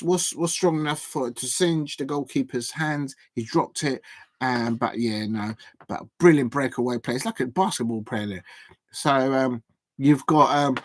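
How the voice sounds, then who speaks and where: A man hosting a live football watch-along from home, chatting in a rambling, hesitant way with lots of fillers and restarts and giving shout-outs to viewers. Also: a little high, no echo. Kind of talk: casual live match commentary.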